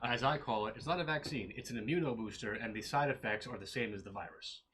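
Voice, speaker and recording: A man's voice: mid-range voice, a bit bright, slight background noise. A man co-hosting a casual livestream, talking bluntly and with strong opinions. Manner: blunt, opinionated, quick talker. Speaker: livestream co-host.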